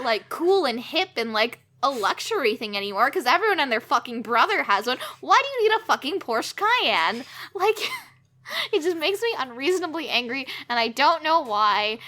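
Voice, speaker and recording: Young woman podcast co-host, high and lively, with a sweary, laughing comic rant. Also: moderate pace.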